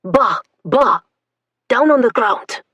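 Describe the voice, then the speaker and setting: A woman voicing a harsh male German soldier who barks shouted commands. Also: on the high side, lively intonation, slow pace, breathy edge, dry recording, lo-fi sound, voice pushed up, exaggerated voice. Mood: barking.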